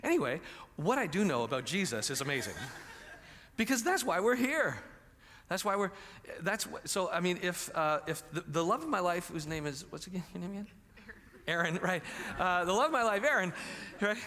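A man's voice: high voice, big pitch swings, moderate pace, sharp tone. A man preaching a conversational sermon and asking the audience questions. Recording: reverberant large hall.

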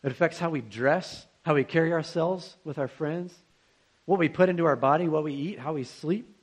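A man's voice: fairly high pitch, highs cut off. A young man preaching a sermon to students, in a conversational and earnest way, with rhetorical questions.

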